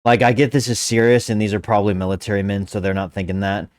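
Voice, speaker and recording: A man's voice: on the low side, steady tone, fast talker, no echo. A man chatting casually, laughing and thinking aloud while he reacts to a show. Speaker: reaction video host. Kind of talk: casual commentary while watching.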